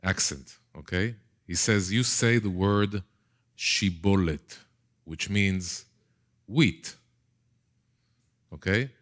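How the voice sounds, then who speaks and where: A man with an Israeli accent gives a relaxed Bible lesson to a class. His voice sits low and he takes his time, circling back on his words and tossing questions to the room. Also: slow, long pauses. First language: Hebrew. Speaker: Bible teacher. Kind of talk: casual classroom lecture.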